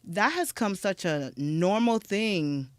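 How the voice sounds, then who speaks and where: A young adult woman, a podcast guest, chatting casually and telling stories with lively energy, acting out what other people said. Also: medium pitch, takes it slowly. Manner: animated storyteller who acts out other people's lines. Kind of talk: casual conversation.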